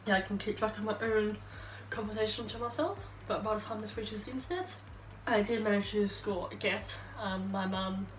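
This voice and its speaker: This get-ready-with-me chat features a young Australian beauty vlogger rambling cheerfully to herself, a little tipsy, in a steady, mid-range voice at a moderate pace. A phone camera set back in her ring-lit bedroom picks up a roomy echo and slight background noise.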